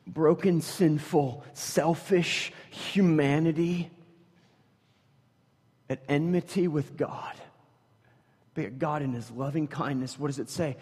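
A man with a notably high voice preaches from the pulpit, his words trailing off into the long reverb of a church hall. He swings between loud, emphatic declarations and near-hushed intensity. He keeps the congregation close with joking asides and stories. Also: takes it slowly, pauses often, husky. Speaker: pastor. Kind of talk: sermon. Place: church sanctuary.

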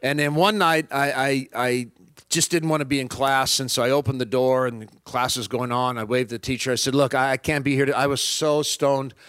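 A man preaching a personal testimony, telling it as an animated story and acting out both sides of the dialogue. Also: mid-range voice, fairly quick, clear, resonant tone, no room sound.

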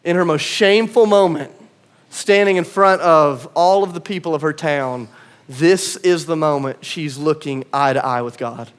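A male pastor preaching a sermon, conversational and swinging from quiet asides to emphatic calls. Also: a little high, moderate pace, smooth.

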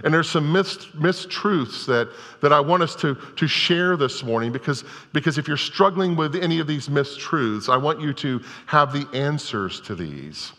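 A male pastor delivers his sermon with a bright, forceful voice that sits a bit high for a man. He retells scripture stories in a relaxed, conversational way. His voice rings out with the long reverb of a large church hall. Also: a little slow. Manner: conversational storytelling preaching.

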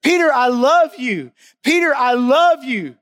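A preacher acting out Jesus, urgent and tender. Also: male voice, very high-pitched, animated, a little slow, fairly bright tone, clear, resonant tone, voice pushed up, exaggerated voice. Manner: pleading, emphatic, repeats the name. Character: Jesus, tender forgiving adult man.

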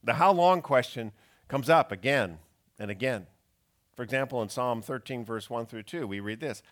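A man's voice: mid-range voice, normal speed. A man preaching a sermon, reading scripture and acting out its pleading questions with strong expression. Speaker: pastor.

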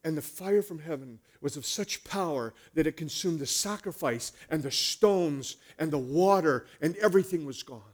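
Animated preacher man, somewhat high voice. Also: normal speed, few pauses. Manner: animated storytelling, swinging from hushed to loud. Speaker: pastor. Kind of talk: sermon.

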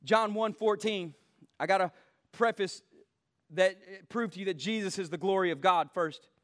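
A male pastor preaching a sermon with fervent energy, swinging between shouted scripture and laughing asides. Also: high voice, normal speed.

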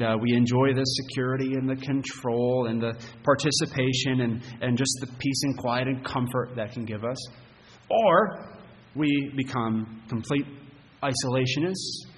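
A man's voice: medium pitch, a little hiss or hum. Male pastor preaching in a reverberant hall. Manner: conversational preaching with frequent restarts and rhetorical questions. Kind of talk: sermon.

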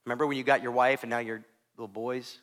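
A man voicing God, speaking low and hushed in an intimate way to a man in a preached story. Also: flat delivery, quick pace, lightly acted. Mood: tender, hushed.

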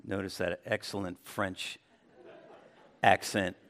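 Male pastor preaching in a church, conversational sermon style with emphatic rises. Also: slow pace. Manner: conversational preaching, lively swings in pitch and loudness. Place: church sanctuary.

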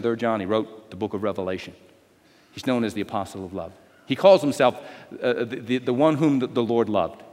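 A man preaching a sermon as pastor, lively and conversational, with call-and-response and sudden loud, drawn-out swells. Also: mid-range voice, big-room sound. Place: church sanctuary.

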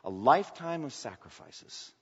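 A man, a pastor, delivering a sermon with impassioned preaching that swings between loud emphatic lines and quiet asides. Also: medium pitch, lively intonation, moderate pace, breathy edge. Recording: echoey church hall, dull lo-fi sound.

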